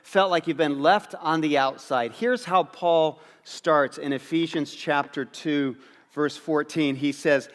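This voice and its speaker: A man's voice: a little high, animated, measured pace. Man preaching with hall reverb. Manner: humorous storytelling, self-mocking. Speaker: pastor. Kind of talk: sermon. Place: church auditorium.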